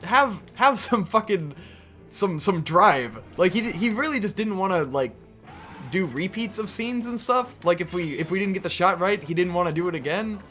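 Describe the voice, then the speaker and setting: A man's voice: sits high, animated, moderate pace, a bit bright, faint music behind. A young man co-hosting a podcast, telling a story in a casual, exasperated rant with heavy swearing. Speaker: podcast co-host.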